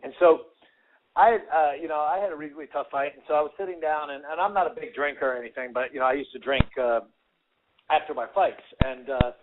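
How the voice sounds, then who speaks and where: A man, a former fighter and radio guest, telling animated stories full of fillers and acted-out quotes. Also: fairly high pitch, fast. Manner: animated storyteller, acts out quotes, many fillers. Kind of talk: casual storytelling on a radio show. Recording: tinny phone line with faint hiss.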